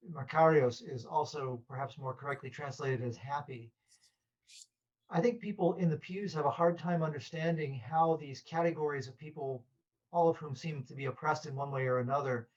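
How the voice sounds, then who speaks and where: Measured man posing questions, dull audio. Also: a little high. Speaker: moderator.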